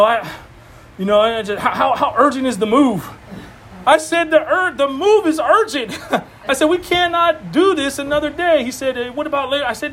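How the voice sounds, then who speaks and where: Male pastor, fairly high voice; relaxed sermon told as a lively personal story. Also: slight background noise, rough recording. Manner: animated storytelling with laughs and acted-out quotes. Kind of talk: conversational sermon.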